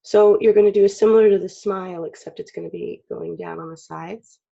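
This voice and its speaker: A woman with a frog in her throat, chatty and clearing her throat often as she teaches a casual drawing lesson. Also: medium pitch, steady tone, a little fast, mellow. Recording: dull lo-fi recording.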